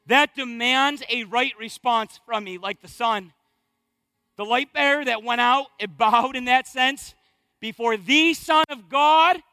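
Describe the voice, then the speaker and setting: High, bright-voiced male pastor preaching. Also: no room sound. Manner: preaching with rising fervor and rhetorical questions. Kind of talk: sermon.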